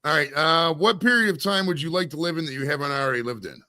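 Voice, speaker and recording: A man's voice: on the high side, expressive, quick pace, bright, forceful tone. A man in his forties hosting a podcast interview, rambling casually, swearing and laughing often. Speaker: podcast host.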